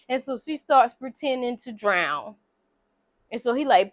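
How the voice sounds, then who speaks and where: Woman vlogger, high voice, casual slangy recap with acted-out quotes, dry close sound. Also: moderate pace, no echo. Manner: animated, slangy, acts out characters' lines.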